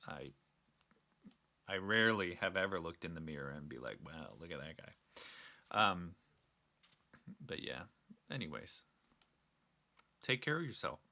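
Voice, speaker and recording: Guy rambling earnestly on his own show, kinda low voice but bright and sharp. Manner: rambling, earnest, many restarts. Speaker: podcast host. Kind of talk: casual solo talk.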